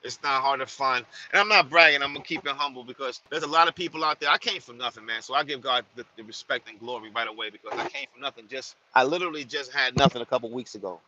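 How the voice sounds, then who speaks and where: A man who drives trucks, talking casually to viewers in an animated, slangy way with lots of repetition. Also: medium pitch, fast talker, few pauses, dull audio, slight background noise.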